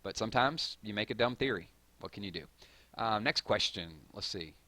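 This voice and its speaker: Deep-voiced man hosting a casual live stream. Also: lively intonation, moderate pace, sharp tone, no echo. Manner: rambling and conversational, with frequent fillers and self-corrections. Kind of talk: casual live stream chat reading viewer comments.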